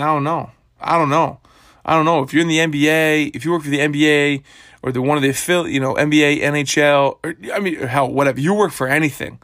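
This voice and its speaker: A man's voice: a little high, a bit bright, no echo, studio quality. A young man hosting his own podcast, talking casually and bluntly in a rambling motivational monologue that is full of swearing. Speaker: podcast host.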